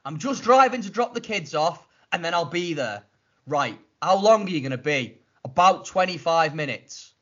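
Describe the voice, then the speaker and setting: Man, storytelling, mocking and animated, slightly high voice, muffled lo-fi sound. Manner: animated, mocking retelling with acted-out quotes. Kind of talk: casual storytelling. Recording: lo-fi muffled audio.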